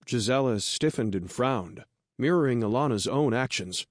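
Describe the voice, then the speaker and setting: A man narrating an audiobook in a steady, measured storytelling voice. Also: medium pitch, no echo, studio quality.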